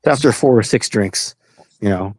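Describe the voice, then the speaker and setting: A man's voice: on the low side, moderate pace, no echo. A man from western Canada with a Canadian accent, a guest chatting in an easygoing way and telling small anecdotes. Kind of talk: casual chat.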